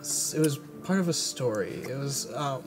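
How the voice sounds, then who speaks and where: A man running a tabletop game as game master, narrating haltingly with many restarts and laughs over background music. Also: mid-range voice, lively intonation.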